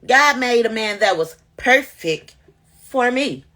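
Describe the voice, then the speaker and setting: Woman vlogger, bright and forceful voice, pitched a little high, preaches straight to viewers. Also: slow. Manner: animated, preachy, addresses viewers directly. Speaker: vlogger sharing testimony. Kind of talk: casual spoken testimony to camera.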